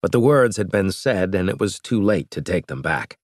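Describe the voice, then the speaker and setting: A man's voice: deep voice, lively intonation, normal speed, no room sound. A man narrating a science fiction audiobook in a dramatic reading, close to the mic. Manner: dramatic reading with varied voices. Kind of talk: scripted narration.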